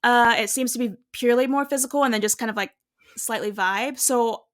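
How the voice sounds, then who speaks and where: Woman, podcast co-host, casual chat, bright, fairly high voice, talkative. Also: brisk. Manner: talkative, musing, poses long questions.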